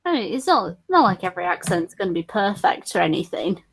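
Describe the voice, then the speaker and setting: A woman's voice: medium pitch, very animated, fairly quick, slightly rough. A woman with a northern English accent, casually chatting on a stream and laughing often. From northern England. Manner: giggly, laughs often between remarks. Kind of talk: casual chat.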